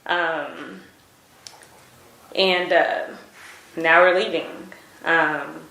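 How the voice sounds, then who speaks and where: Hesitant woman witness, slightly low voice, echoey room recording. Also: steady tone, drawn-out words, gravelly, sharp tone. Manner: hesitant, many fillers, retelling events. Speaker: witness giving a statement. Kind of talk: recorded statement to prosecutors.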